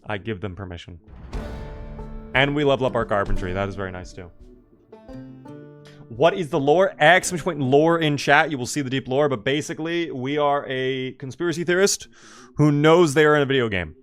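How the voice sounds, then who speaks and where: A man's voice: mid-range voice, brisk, a bit bright, soft background music. A young man casually chatting through a live gameplay stream, reacting to the game and answering his chat.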